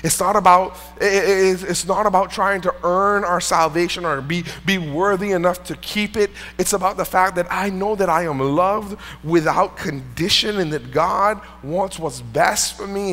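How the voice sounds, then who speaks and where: A man with a somewhat high voice delivers a sermon as a pastor. He tells a personal story in an earnest, conversational way. The sound rings with the long reverb of a church hall. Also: a bit bright. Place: church sanctuary.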